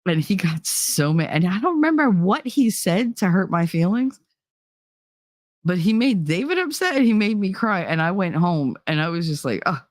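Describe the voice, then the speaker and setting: With a fairly low, darkish voice and a sing-song lilt, a woman chats at a moderate pace in clean, dry studio audio. She hosts a livestream channel and tells stories casually and ramblingly, filled with "you know" and "like," now and then laughing.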